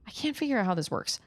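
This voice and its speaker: A woman streaming a game from home, chatting casually and yelping in surprise at the game. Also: on the low side. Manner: chatty, with sudden yelps of surprise. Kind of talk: casual gaming chat.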